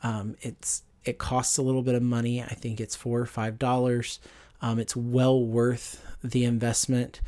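Man, podcast Bible teacher, measured and earnest, mid-pitched voice, frequent ums. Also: flat delivery, mellow.

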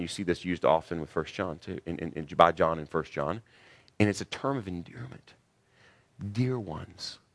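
A man's voice: fairly low pitch, a bit bright, dry recording, clean studio sound. A pastor preaching a sermon, earnest and building to emphatic peaks, a father of six in his thirties or forties.

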